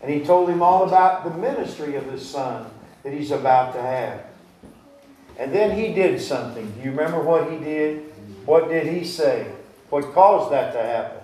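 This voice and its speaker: A man's voice: fairly high pitch, expressive, moderate pace, dark tone, distant mic, a little hiss or hum. A male pastor delivering a sermon to his congregation, asking them questions and retelling scripture in plain, folksy words. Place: church sanctuary. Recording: echoey church recording from afar.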